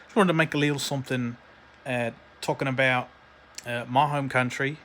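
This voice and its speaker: A man's voice: medium pitch, steady tone, normal speed, a bit bright, slight background noise. Rambling man with an Australian accent. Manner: rambling and hesitant, heavy with filler sounds. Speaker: vlogger. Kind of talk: comedic monologue vlog.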